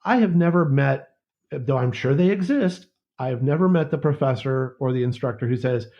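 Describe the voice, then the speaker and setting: Male academic guest, warm low-bright voice, dull lo-fi audio, earnest and thoughtful, restarts often. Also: moderate pace. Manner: thoughtful, repeats and restarts words. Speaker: guest, university lecturer. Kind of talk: conversational podcast interview.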